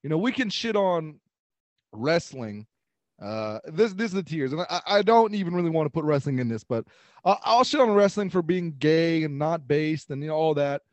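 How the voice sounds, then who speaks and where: Rambling, laughing man, slightly high voice. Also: animated, normal speed, darkish tone, dry recording. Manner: rambling, laughs often, restarts. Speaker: podcast co-host. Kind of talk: casual chat.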